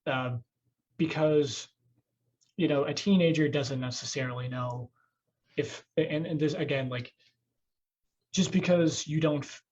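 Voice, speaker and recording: A man hosts a casual podcast conversation, rambling with jokes and cursing. His voice is a little husky, and the recording sounds dull and lo-fi. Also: a little high, unhurried, long pauses, a little mellow. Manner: profane, joking, rambling with restarts. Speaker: podcast host.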